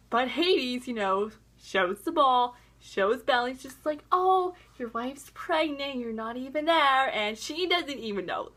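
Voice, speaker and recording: A young woman recapping a TV episode in casual chat, acting out the characters' lines as she goes. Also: a little high. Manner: animated, acts out characters' lines in quoted voices. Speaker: TV recap vlogger.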